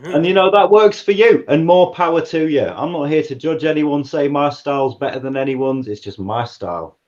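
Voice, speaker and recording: A man's voice: fairly high pitch, moderate pace, a little mellow. A man, chatting bluntly and laid-back, swearing freely. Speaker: battle rapper. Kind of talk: casual chat. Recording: dull lo-fi sound.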